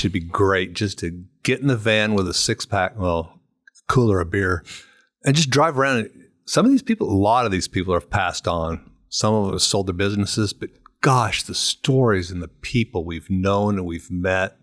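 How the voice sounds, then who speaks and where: Animated middle-aged man telling road stories. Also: lowish voice, moderate pace. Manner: animated storyteller who acts out voices. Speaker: podcast guest. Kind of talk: casual storytelling.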